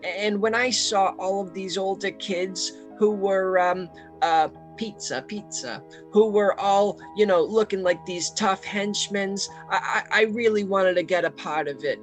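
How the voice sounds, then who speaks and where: A man's voice: high-pitched, measured pace, soft background music. A man voicing a nervous teen boy, the newest member of a henchman club, trying out a New York accent and rambling hesitantly in improvised comedy. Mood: eager. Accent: attempted New York.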